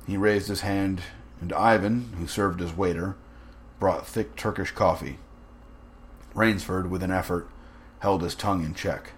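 A man reading a story aloud in a measured, even narrating manner. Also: deep voice, slight background noise. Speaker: reader.

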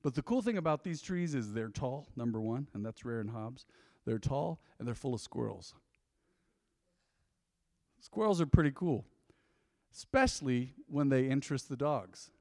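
A male pastor giving a sermon, an animated storyteller who acts out scenes, speaking in a church sanctuary. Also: medium pitch, moderate pace, long pauses. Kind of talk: sermon with personal anecdotes. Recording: long church hall reverb.

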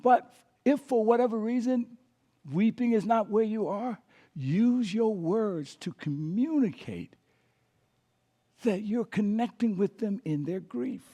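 A man preaches a sermon as pastor in a high, slow voice. He is emphatic, drops to quiet whispers on key words, and has listeners repeat after him.

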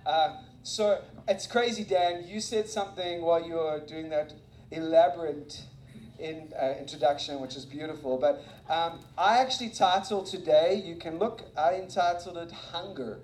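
A man preaching as a guest speaker and missionary, telling stories in an animated, self-mocking way. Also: on the high side, normal speed, a little hiss or hum. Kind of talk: energetic sermon with storytelling. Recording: echoey room.

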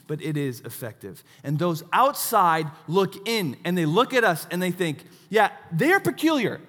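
A man in his thirties preaching a sermon, telling stories with self-mocking asides and a lively delivery. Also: high voice, in a large hall. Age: 30s. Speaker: pastor.

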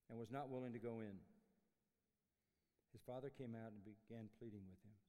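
A man preaching a sermon in a university chapel, emphatic, swinging from loud declarations to hushed lines. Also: mid-range voice, long reverb tail. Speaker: pastor.

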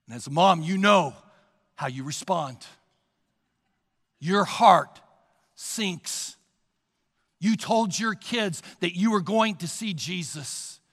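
A man preaching a sermon, asking the congregation rhetorical questions and telling a story dramatically, swinging between loud and hushed. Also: high voice, slow pace, long pauses. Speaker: pastor. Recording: long reverb of a large hall.

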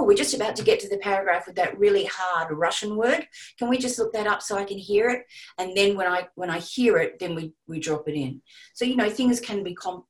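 A woman giving casual, animated advice on audiobook narration to a group. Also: medium pitch, rough recording. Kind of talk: casual teaching talk to a group.

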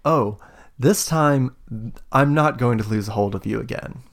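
A man's voice: mid-range voice, a little slow, gravelly. A man voicing a threatening female military commander who speaks with silky, patronizing insistence. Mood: silkily menacing.

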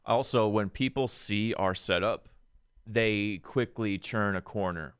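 Animated guy on a podcast, smooth fairly low voice, dry mic, does people's voices. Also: a little slow, no room sound. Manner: animated, acts out quotes in high voices. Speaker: podcast co-host. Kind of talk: casual chat.

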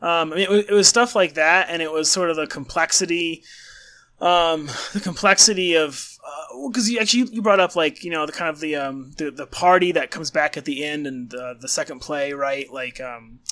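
Bright-voiced man, eager and searching. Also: a little high, normal speed. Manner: enthusiastic, searching for words with many restarts. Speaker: podcast co-host. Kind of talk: casual book discussion.

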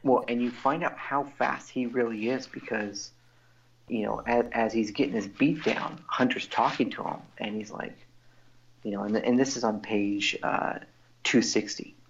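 Gravelly man in lo-fi podcast chat. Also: mid-range voice, steady tone, normal speed. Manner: recounts comic panels, quoting characters. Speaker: comic book podcast co-host. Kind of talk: casual chat. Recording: dull lo-fi audio.

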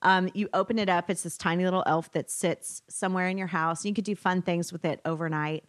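A woman's voice: lowish voice, steady tone, fairly quick, dry recording, clean studio sound. A woman appearing as a guest political commentator on a podcast, telling stories and laughing often. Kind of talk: casual storytelling chat.

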